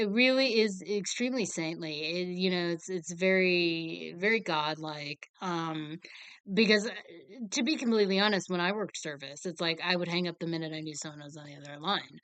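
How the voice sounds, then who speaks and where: Young woman, casual film reviewer, rambling and animated, bright voice, dry close mic. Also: fairly low pitch, moderate pace, smooth, dry recording. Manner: rambling, animated, filler-heavy. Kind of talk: casual chat.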